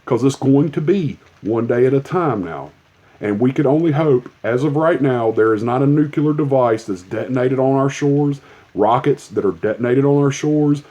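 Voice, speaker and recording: A man in an angry, swear-laden rant, his tone dark and mellow at an average pitch. He hammers his points home with emphatic repetition. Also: moderate pace. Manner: profane, heated, emphatic. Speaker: commentator.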